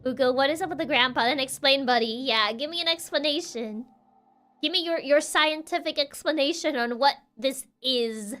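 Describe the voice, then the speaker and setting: A young woman streamer chats casually over a game, playful and joking, with many fillers. Her voice is high and bright. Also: normal speed, soft background music.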